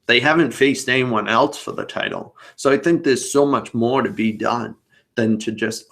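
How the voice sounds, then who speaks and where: A man's voice: mid-range voice, moderate pace, gravelly, fairly bright tone. A man hosting a podcast over a video call, talking casually and at length in a rambling way. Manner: rambling, talkative. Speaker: podcast host.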